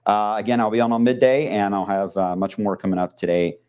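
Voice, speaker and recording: Low-voiced weather guy w/ a country twang, mumbles and rambles a lot, laid-back livestream chat. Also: level tone, fairly quick, a little mellow, clear, resonant tone. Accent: Southern US country. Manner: mumbling, rambling with many fillers. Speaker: TV meteorologist.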